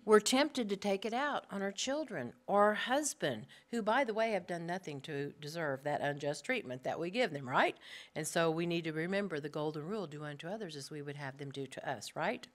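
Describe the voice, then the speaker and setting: A middle-aged woman teaching a women's Bible study to a live group, earnest and animated, speaking straight to her listeners. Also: lowish voice, brisk. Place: room with a live audience.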